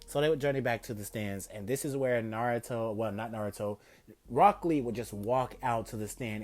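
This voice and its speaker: A man casually narrating a fan-made story, excitable and often stumbling and correcting himself mid-sentence. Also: lowish voice.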